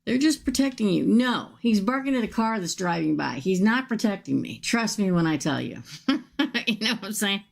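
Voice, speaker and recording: A woman's voice: medium pitch, very animated, moderate pace, vocal fry. A woman tarot reader, chatting casually and folksily with viewers during a livestream reading.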